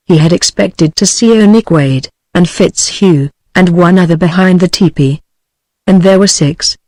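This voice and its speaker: A synthetic text-to-speech voice of a woman with a British English accent, narrating a novel in a steady, even, machine-like delivery. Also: on the low side, dry recording, rough recording. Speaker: audiobook narrator.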